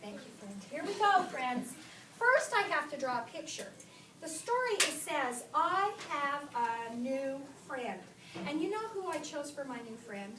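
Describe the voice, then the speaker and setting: Woman teacher, high voice, sing-song and animated with little kids, slow modeled reading; echoey classroom caught from a distant camera with background noise. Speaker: kindergarten teacher. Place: classroom, indoors.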